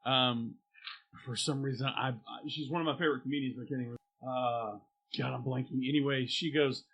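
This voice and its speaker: A man's voice: medium pitch, steady tone, a little fast, fairly bright tone, highs cut off, slight background noise. A man co-hosting a podcast in casual chat, joking and rambling. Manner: joking, rambling, slips into silly voices. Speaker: podcast co-host.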